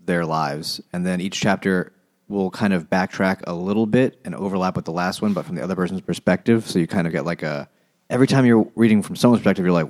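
Deep-voiced man, dry and wry. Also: fast, darkish tone. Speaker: podcast co-host. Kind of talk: casual chat.

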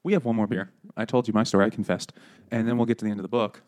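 A man chatting on a podcast, spinning a rambling anecdote and laughing as he acts out the other people in it. He talks quickly, and his voice has a mellow, dark tone. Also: on the low side, steady tone. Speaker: podcast co-host. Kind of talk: casual chat, storytelling.

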